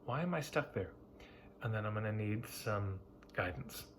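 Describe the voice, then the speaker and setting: A man's voice: fairly low pitch, lively intonation, moderate pace, a little hiss or hum. A man talking casually and candidly to camera, giving emphatic marketing advice to therapists. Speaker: marketing coach.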